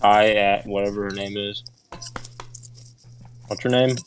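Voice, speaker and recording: A man playing in an online tabletop game, playful and quick to protest. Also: fairly low pitch, fairly even intonation. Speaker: player. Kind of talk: casual tabletop play.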